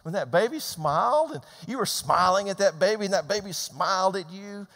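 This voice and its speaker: Lively older preacher in a hall. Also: male voice, high-pitched, brisk. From Georgia, US. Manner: animated, conversational preaching with repetitions. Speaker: pastor. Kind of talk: sermon. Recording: long hall reverb.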